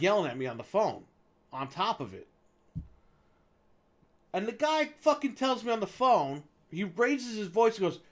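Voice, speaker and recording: A man casually telling a long story as co-host of a gaming show, animated and swearing freely as he acts out the people involved. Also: fairly high pitch.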